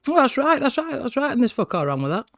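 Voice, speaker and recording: A man's voice: extremely high pitch, big pitch swings, fast, fairly bright tone, no room sound, studio quality. A man hosting a live stream, chatting casually in a rambling, sweary way. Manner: sweary, rambling, laughing, chewing while talking. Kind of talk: casual chat.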